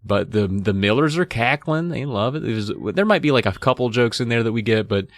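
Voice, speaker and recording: Here the book podcast host, a man of medium pitch, talks fairly quickly as he walks through the story and reads excerpts. Characters get spirited, lively voices, and there's no room sound at all.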